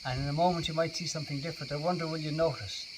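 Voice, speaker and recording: A man teaching yoga and meditation to children, guiding them gently and playfully. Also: a little high, steady tone, racing. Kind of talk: guided kids' yoga and meditation. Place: outdoors. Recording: distant mic, outdoor noise.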